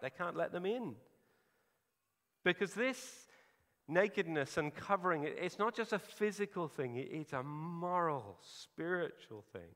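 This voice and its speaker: A man preaching a sermon, earnest and emphatic, pausing for effect. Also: sits high, fairly bright tone. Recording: hall reverb.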